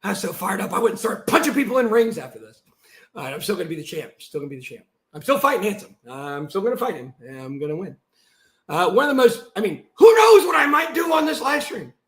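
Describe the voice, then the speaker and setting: A man on a live stream, reading a document aloud and breaking into heated, shouted asides. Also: sits high, very animated, fast talker, echoey room. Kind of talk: livestream monologue reading out a document.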